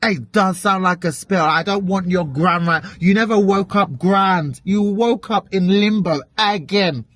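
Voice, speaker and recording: A woman's voice: medium pitch, measured pace, hardly any pauses, no echo. A British woman giving an exasperated, chatty vlog rant and swearing freely. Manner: animated, exasperated ranting with frequent swearing. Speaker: vlogger.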